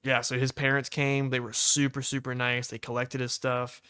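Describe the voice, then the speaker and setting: A man's voice: mid-range voice, normal speed, clear, resonant tone, dry recording, clean studio sound. A young man hosting a podcast, telling a casual story with lots of "like" and acting out the voices of the people in it. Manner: animated storyteller, heavy use of "like", acts out quoted voices. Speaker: podcast co-host.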